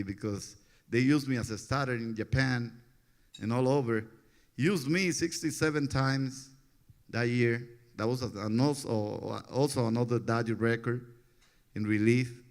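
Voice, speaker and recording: Man in his 40s, easygoing storyteller who laughs a lot and voices other people's lines with energy. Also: medium pitch. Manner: laughs often, animated when quoting others. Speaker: interview guest, former pitcher. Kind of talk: relaxed storytelling interview.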